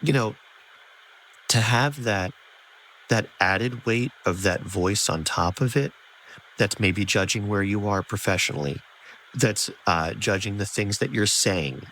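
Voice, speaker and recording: Earnest low-voiced man, faint background hiss. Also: a little slow, a bit bright, poor audio. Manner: earnest, searching, many fillers. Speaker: podcast host. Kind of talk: empathetic conversational interview.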